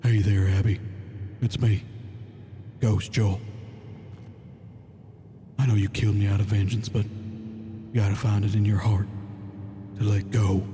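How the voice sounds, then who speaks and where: A man doing the consoling voice of a slain older man's ghost, slow and soft-spoken. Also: lowish voice, little pitch movement, in a large hall, noisy background, natural voice.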